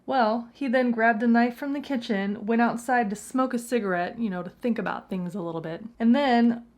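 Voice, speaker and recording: A woman's voice: a little high, brisk. Chatty, playful woman host. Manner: playful, chatty, jokey asides. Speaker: true crime host. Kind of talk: casual true crime storytelling.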